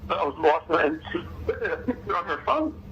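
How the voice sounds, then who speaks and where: A man being interviewed, recounting events hesitantly with many pauses and restarts. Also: fairly high pitch, lively intonation. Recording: muffled clip with faint noise.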